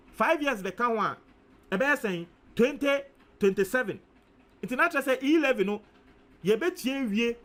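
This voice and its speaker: A man's voice: high voice, a bit bright. A Ghanaian man giving casual commentary, thinking aloud as he works through figures, repeating numbers and mixing in Twi phrases. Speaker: news commentator.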